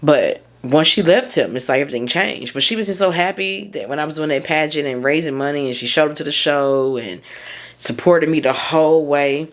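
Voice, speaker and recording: A woman's voice: sits low, brisk. A woman, hosting a solo podcast and talking candidly and heartfelt, often drifting off track. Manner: candid, heartfelt, rambling and prone to losing her thread. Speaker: podcast host and mindset coach.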